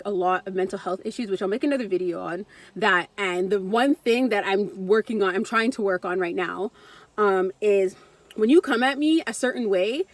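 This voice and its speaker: A woman's voice: medium pitch, no echo. A young adult woman vlogger telling a casual story, blunt and profane, acting out what other people said.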